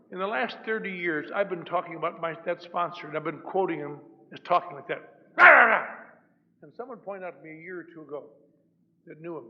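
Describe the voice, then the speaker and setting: An older man speaking at a recovery meeting, telling his story with wry, self-mocking humor. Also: sits high. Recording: dull old hall recording, faint hiss.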